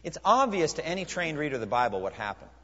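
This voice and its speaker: A man preaching a sermon as pastor, emphatic, with rhetorical questions and dramatic pauses. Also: a little high, sing-song, pushed and bright. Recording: muffled recording in a reverberant hall.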